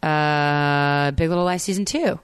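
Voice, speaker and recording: Chatty actress guest, lowish voice, rambling, dry studio mic. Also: female voice, measured pace, clean tone, no room sound. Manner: chatty, rambling with fillers and self-corrections. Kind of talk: casual chat.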